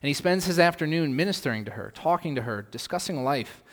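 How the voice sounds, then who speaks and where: A male pastor delivering a sermon, posing rhetorical questions and swinging from loud emphasis to soft asides, in a long hall reverb. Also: on the high side, animated, quick pace.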